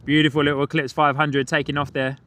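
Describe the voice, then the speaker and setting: A man's voice: on the high side, little pitch movement, fast, fairly bright tone. A man hosting a live plane-spotting stream outdoors near a runway. He talks chattily and greets his viewers by name. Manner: chatty, reads out viewer comments and greets chat.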